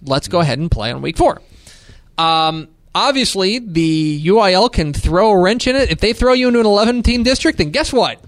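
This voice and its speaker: Guy cohosting a sports podcast, kinda high voice, animated storyteller, dry close mic. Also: a little fast, no echo. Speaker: podcast co-host. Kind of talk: casual sports chat.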